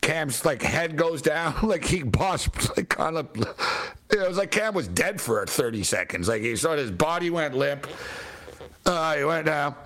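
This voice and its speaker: A man hosting a podcast, telling a story in an animated, casual way with laughter. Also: on the high side, unhurried. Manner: animated, laughing, quoting others in voices. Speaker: podcast host.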